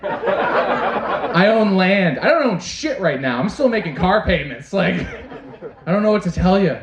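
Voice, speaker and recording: Crude young stand-up comic in a roomy club. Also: male voice, high voice, big pitch swings, a little slow. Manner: crude, self-deprecating, conversational with asides to the crowd. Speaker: stand-up comedian. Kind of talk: stand-up comedy set. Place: comedy club stage. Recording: roomy, dull club recording. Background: audience laughter.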